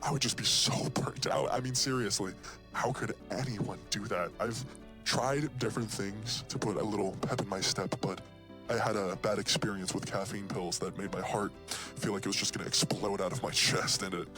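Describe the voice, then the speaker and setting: A man's voice: on the low side, fairly even intonation, normal speed, close to an everyday voice. A man voicing a rambling, opinionated game monster. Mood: laid-back. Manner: rants in mock-serious tone, voice jumps up for emphasis. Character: rambling casual male monster, easygoing and opinionated. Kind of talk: game character dialogue. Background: game music.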